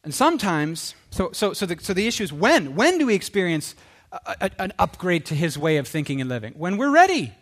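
A middle-aged man preaching a sermon, animated, asking rhetorical questions and acting out quoted voices. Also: sits high, brisk.

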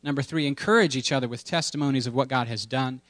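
A man's voice: medium pitch, quick pace, a bit bright, no room sound. A man preaching a sermon in a conversational, humorous way, with playful asides and emphatic repetition. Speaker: pastor.

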